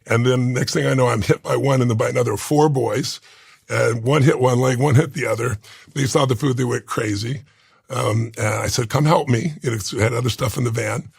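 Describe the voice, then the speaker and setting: A man in his sixties with a gravelly, husky voice. He tells a deeply personal story in an interview, earnest and intense. The sound is dry and close to the mic. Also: fairly even intonation, moderate pace, no echo. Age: 60s. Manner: earnest, intense, rough gravelly voice, moved to tears. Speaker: interview guest.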